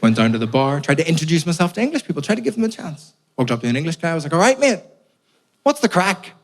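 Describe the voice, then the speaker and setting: A man's voice: on the high side, expressive, very fast. A man from Belfast with a Belfast accent, a stand-up comedian telling exasperated, sweary stories on stage. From Belfast, Northern Ireland. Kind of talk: live stand-up set.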